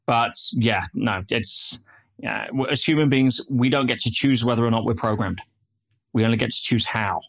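A man's voice: medium pitch, moderate pace, vocal fry, fairly bright tone. A man speaking as an interview guest, telling stories animatedly and dropping in frequent "yeah"s and "you know"s. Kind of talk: interview storytelling.

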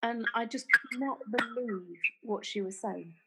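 A woman tells a workplace story in a casual interview. She slips in and out of quoted dialogue to play both sides of an argument. Her delivery is halting, with frequent fillers and restarts. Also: fairly high pitch, bright, forceful tone, husky, low-quality recording.

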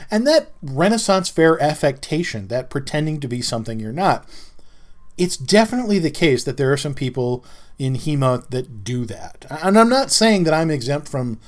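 Middle-aged male podcast host, casual monologue, lively up-and-down delivery, wry and rambling. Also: on the high side, normal speed. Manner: rambling, wry, self-interrupting storyteller.

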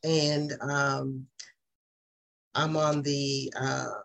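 A woman's voice: a bass voice, level tone, very slow, gravelly, a bit bright. A middle-aged woman therapist in private practice, rambling a little as she shares her story in a group Q&A. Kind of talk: casual group Q&A.

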